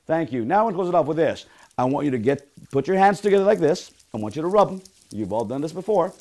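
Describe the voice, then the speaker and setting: A man's voice: fairly high pitch, animated, fast talker, darkish tone. A man, a real estate sales coach, giving an upbeat motivational training talk and leading call-and-response affirmations.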